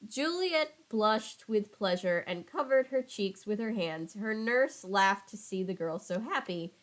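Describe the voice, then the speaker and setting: A woman's voice: medium pitch, lively intonation, measured pace, low-quality recording. A young woman casually reading a children's book aloud with wry, chatty asides. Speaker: channel host.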